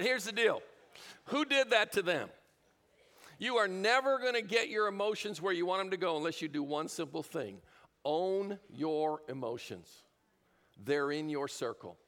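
A man gives a motivational talk to a roomful of listeners, firing off punchy rhetorical questions. His voice swings widely in pitch, sits a little high, and has a gravelly edge, picked up by a handheld mic. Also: fairly bright tone. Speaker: speaker. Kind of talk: motivational talk to a live audience. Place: large room with an audience. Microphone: handheld microphone.

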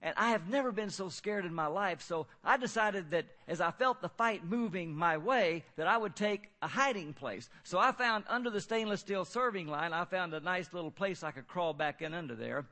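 A man telling a personal testimony in a casual, halting way, with many fillers. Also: high voice, lively intonation, sharp tone. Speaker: storyteller.

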